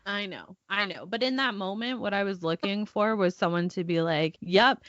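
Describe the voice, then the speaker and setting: A woman's voice: mid-range voice, normal speed, a bit bright, no room sound, lo-fi sound. A young mother co-hosting a podcast, telling a family story casually and acting out her child's voice. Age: young adult. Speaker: podcast co-host. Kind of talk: casual chat.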